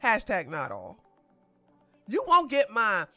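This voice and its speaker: Blunt, bright-voiced woman commentator. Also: medium pitch, wildly swooping pitch, takes it slowly, dry recording, faint music behind. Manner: blunt, emphatic and scolding. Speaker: commentary channel host. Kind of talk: opinionated celebrity commentary.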